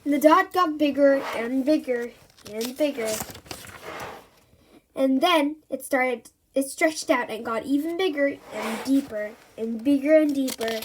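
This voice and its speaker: High-voiced woman reading a storybook. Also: a little hiss or hum. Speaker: reader. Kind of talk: reading a children's book aloud.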